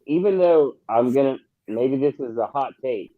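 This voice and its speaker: A man who is a podcast guest, giving blunt opinions in a halting, casual way over dull lo-fi audio. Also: medium pitch, animated. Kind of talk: casual chat about a TV show.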